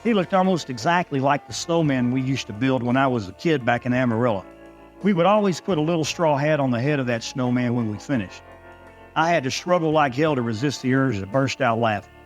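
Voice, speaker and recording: A man's voice: mid-range voice, expressive, a little fast, soft background music. A man narrating a first-person ranch story in a dry, folksy way, with a Texan accent.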